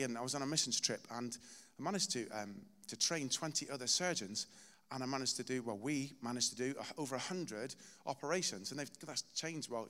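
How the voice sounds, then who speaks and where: Male preacher, chatty storytelling sermon, mid pitch, long hall reverb. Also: a bit bright. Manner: conversational storytelling with self-deprecating humor. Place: church hall.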